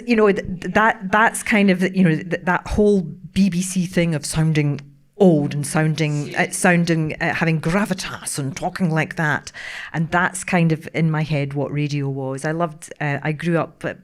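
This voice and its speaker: A middle-aged woman, a broadcaster on a panel, telling stories in a casual, animated way with frequent laughs and restarts. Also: sits low. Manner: animated storyteller, laughing often, many restarts.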